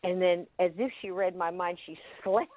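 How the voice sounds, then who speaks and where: A guest in an interview tells a first-person story in a halting, vivid way, full of restarts and fillers. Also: mid-range voice, no echo. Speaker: guest recounting an experience. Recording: tinny phone-line sound, dry.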